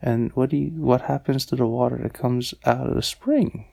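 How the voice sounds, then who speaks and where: A man voicing a small, curious young male shrimp in a bedtime story, gravelly and full of questions. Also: medium pitch, normal speed, mellow. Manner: wondering, asks lots of questions.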